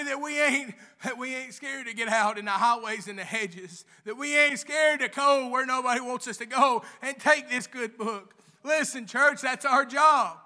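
A man preaching in church with a strikingly high, thin voice. He delivers a fervent sermon, calls everyone "honey" again and again, and climbs into shouts. His tone stays sharp and piercing throughout. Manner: fervent, keeps repeating "honey", rising to shouts. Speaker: lay preacher.

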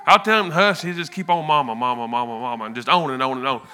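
A man giving an emotional church testimony, earnest and halting, often repeating words. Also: mid-range voice, pushed and bright, a little hiss or hum.

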